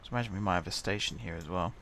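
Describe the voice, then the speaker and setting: A man's voice: deep voice, very fast, a bit bright, slight background noise. Man talking to himself over a game. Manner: chatty, muttering to himself while building. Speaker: gaming channel host. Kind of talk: casual game commentary.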